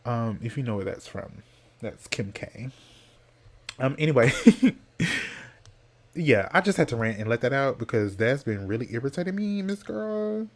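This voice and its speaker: A man's voice: mid-range voice, big pitch swings, measured pace, pauses often. A man hosting a podcast, ranting in a sassy, dramatic way and repeating points for emphasis. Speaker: podcast host. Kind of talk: casual solo rant.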